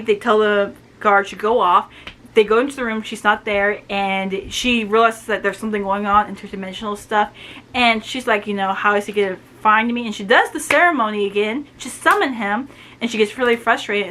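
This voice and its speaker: A woman casually recapping a novel's plot, retelling scenes with quick asides and quoted dialogue. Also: fairly high pitch, sharp tone. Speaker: book reviewer.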